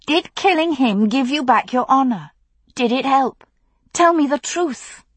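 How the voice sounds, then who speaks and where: A woman voicing an angry young woman demanding answers from her father, sharp and raw. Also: on the high side, big pitch swings, normal speed, husky, dry recording, pitched above the performer's own voice. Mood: furious.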